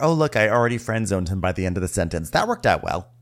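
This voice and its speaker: A man's voice: low-pitched, big pitch swings, fast talker. A man co-hosting a casual recap podcast, joking sarcastically and slipping into mocking quoted voices. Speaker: podcast co-host.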